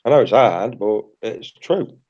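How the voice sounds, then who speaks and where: A man's voice: fairly low pitch, expressive, unhurried, darkish tone, dull audio. A British man hosting a livestream in casual chat, blunt and repetitive, swearing freely. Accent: British English. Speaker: livestream host.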